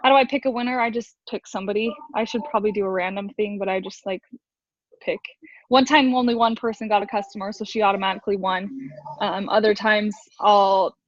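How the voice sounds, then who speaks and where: A woman talks quickly on a video call, tumbling through her ideas with plenty of fillers as she shares sales tips with her team. The sound is dull and muffled, with no room around it. Her voice sits at a middling pitch. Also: fairly even intonation, no echo. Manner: rambling, fast, filler-heavy. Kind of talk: casual video call talk.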